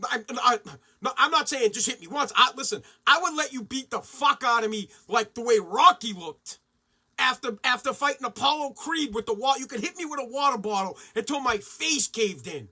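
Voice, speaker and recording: A man with a strikingly high voice hosts a podcast, and he rants in a loose, excitable way full of swearing. His tone is bright and sharp. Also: normal speed, husky. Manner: profane, excitable ranting. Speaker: podcast host. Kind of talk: casual podcast rant.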